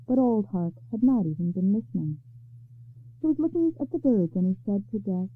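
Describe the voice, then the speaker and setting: A woman storyteller on a radio program, calmly reading a story aloud in a measured way. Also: mid-range voice, husky. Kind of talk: scripted narration. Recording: narrow phone-like radio sound.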